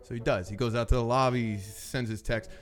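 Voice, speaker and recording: A man's voice: medium pitch, brisk. A man working a comedy club door, telling a rambling, profane story and acting out the people in it. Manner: profane, animated, acts out quotes. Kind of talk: casual storytelling.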